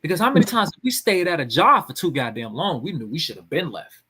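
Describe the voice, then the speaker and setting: Husky guy preaching on a podcast, voice jumps all over. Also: fairly high pitch, very animated, fast, bright, forceful tone. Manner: preachy, emphatic, swears freely. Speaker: podcast host. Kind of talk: casual podcast chat.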